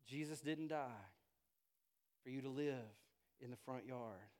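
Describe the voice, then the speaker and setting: A male pastor preaching a sermon to his church, swinging from loud, emphatic climaxes down to quiet, intimate passages. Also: medium pitch, takes it slowly. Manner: rises to loud emphatic preaching, then drops soft.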